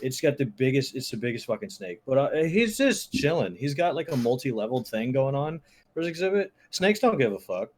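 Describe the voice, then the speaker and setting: A young man chats on a podcast in an ordinary middle-pitched voice. He talks loosely, swears a lot and laughs easily. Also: big pitch swings, fairly quick. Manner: loose and profane, laughs often. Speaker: podcast co-host. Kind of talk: casual chat.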